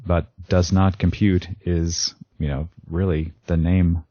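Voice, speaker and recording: A man, a guest on a podcast, talking in a relaxed, agreeable way in a casual discussion. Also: low-pitched, slow, no echo, muffled recording. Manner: relaxed, agreeable, chuckles often.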